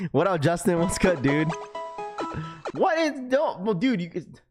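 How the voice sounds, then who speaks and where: A man hosting a casual livestream, chatty and laughing often as he gives shout-outs for donations. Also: sits high, big pitch swings, slow, over music. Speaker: livestream host.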